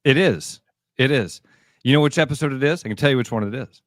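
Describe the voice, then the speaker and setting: A middle-aged man co-hosting a radio sports talk show in casual banter, animated and sometimes slipping into comic voices when he retells a story. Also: medium pitch, fast talker, no echo, clean studio sound. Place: radio studio.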